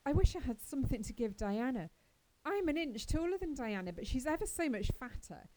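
A woman reading aloud as a chatty, dreamy orphan girl who gushes with wide-eyed excitement. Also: fairly high pitch, lightly acted, poor audio. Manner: breathless, gushing and wide-eyed. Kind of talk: audiobook character reading.

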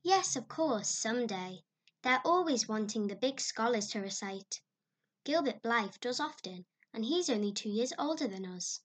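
Woman narrator voicing a lively storybook girl, the eager best friend; high, quick, giggly. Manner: eager and excitable.

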